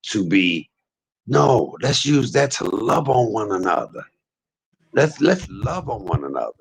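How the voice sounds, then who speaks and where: Man in pain, husky and gravelly, emphatic casual preacher, AAVE, talking from a hospice room. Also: fairly low pitch, very animated, measured pace.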